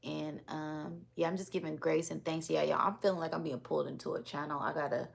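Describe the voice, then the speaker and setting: A woman with a deep, gravelly voice leads a live-streamed spiritual energy reading. She speaks in a calm, relaxed, unhurried way, chatting easily with her viewers. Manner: calm, relaxed and unhurried, sometimes repeating words. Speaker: spiritual reader and livestream host.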